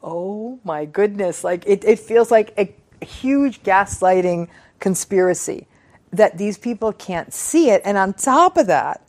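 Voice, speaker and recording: A middle-aged woman psychologist reading out viewer comments and reflecting on them in an earnest, measured, emphatic way. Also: medium pitch, animated, a little mellow. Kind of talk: reflective talk on relationships.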